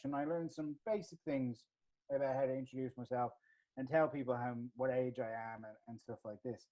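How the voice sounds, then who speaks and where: A man's voice: on the high side, dark tone. A young Irish man tells a chatty, self-mocking travel anecdote full of fillers and restarts. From Ireland. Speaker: guest storyteller. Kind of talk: casual spoken anecdote. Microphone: video call. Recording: dull lo-fi video call audio.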